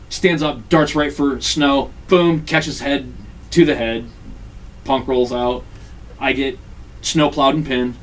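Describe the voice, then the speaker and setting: A man's voice: a little high, far from the mic. A man hosting a podcast, casually telling a wrestling story with lots of swearing and acted-out quotes. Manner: profane, animated, acts out quotes. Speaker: podcast host recapping a wrestling game.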